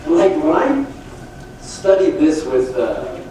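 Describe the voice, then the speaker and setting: A middle-aged man giving a motivational sales talk at a conference, telling folksy, animated stories. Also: a little high, takes it slowly. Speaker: sales trainer speaking at a conference. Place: conference hall. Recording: echoey hall from far off with faint noise.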